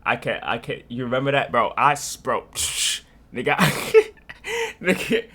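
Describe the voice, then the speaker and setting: A man's voice: mid-range voice, huge pitch swings, a little slow, bright, forceful tone. A young man from North Carolina rambling in slangy casual reaction commentary. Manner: rambling, slangy, laughing storyteller. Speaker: reaction streamer.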